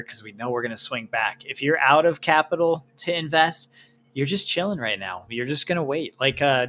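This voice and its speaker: A man co-hosting a casual chat show, talking in a relaxed way that works through his ideas. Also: mid-range voice. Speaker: podcast co-host.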